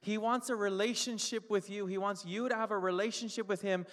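A male pastor preaching a sermon, emphatic and repetitive, stacking short phrases and slowing down on key lines. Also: high-pitched, fairly even intonation, fairly bright tone. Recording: long hall reverb.

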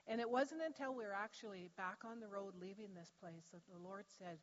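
A woman sharing a personal testimony in church, telling her story in an animated way and laughing easily. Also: mid-range voice, a little fast, hardly any pauses. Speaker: church member giving testimony. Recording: dull sound with long hall reverb.

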